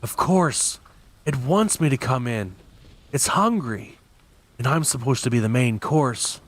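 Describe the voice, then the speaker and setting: A man reading aloud and voicing a frightened young boy who talks breathlessly, rising into shrill alarm. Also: animated, measured pace. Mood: fearful.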